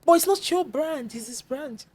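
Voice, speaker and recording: Animated Nigerian woman hosting a chat. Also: high voice, moderate pace, a crowd in the background. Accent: Nigerian English. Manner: animated, laughs often, acts out quotes. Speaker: host. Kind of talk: casual panel chat.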